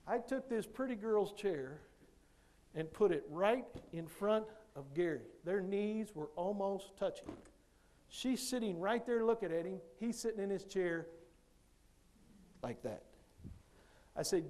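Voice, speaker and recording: A man's voice: sits high, unhurried, long pauses. A man who coaches, giving a motivational speech to teachers and acting out the dialogue in his stories. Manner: animated storyteller who acts out dialogue.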